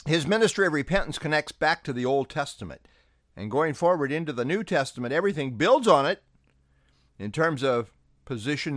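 A man's voice: on the high side, fairly bright tone, no echo, clean studio sound. A man who is a pastor, giving a devotional sermon in an earnest preaching manner with emphatic stresses.

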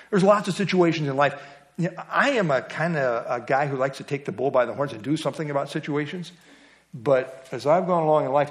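A middle-aged man teaching a small Bible study class in a folksy, teasing way, with a lot of fillers and restarts. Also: on the high side. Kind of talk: casual Bible lesson.

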